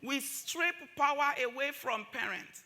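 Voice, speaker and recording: A woman's voice: high-pitched, measured pace, pushed and bright. A woman giving an impassioned talk at a summit, driving points home by repeating phrases. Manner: emphatic, repeats phrases for force. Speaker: summit speaker.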